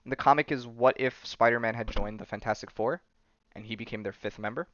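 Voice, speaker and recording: Rambling man with a smooth, dry voice. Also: mid-range voice, fairly quick, a bit bright, no echo, highs cut off. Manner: rambling, many fillers and restarts. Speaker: podcast host. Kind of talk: casual chat recapping comics.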